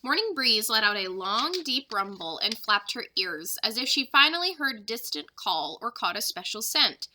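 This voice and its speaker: A young woman teacher with a very bright, high voice reads a children's chapter book aloud. Her delivery is expressive and lively, rising and falling as she carries the story along. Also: moderate pace, hardly any pauses. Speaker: third-grade teacher.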